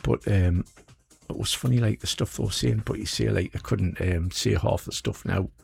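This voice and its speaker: A man's voice: lowish voice, normal speed, creaky, darkish tone, faint music behind. A man co-hosting a radio show, chatting casually and rambling with lots of fillers. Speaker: radio co-host. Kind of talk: casual chat.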